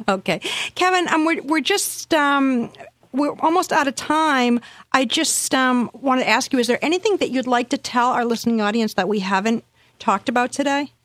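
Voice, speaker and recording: A woman's voice: high voice, normal speed, a bit bright, no room sound. A woman hosting a radio interview, speaking hesitantly with many "um"s and restarts. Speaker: talk show host.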